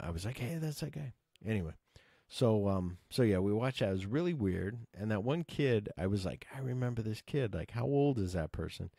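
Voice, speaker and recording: A middle-aged man with a deep, relaxed voice chats through a long personal story on his podcast. He wanders and swears casually, leaning on fillers as he goes. The sound is dry and close, with no room around it. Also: no room sound. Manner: rambling, profane, lots of fillers. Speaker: podcast host.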